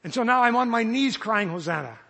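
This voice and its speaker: A man preaching a sermon, earnest and halting, with frequent restarts as he speaks imagined prayers in the first person. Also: very high-pitched, fairly even intonation, bright, forceful tone. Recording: long hall reverb.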